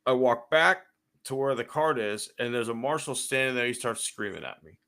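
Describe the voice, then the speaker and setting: Man, sports podcast co-host, bright voice, gravelly edge, profane storytelling rant. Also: medium pitch, normal speed. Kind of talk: casual sports chat.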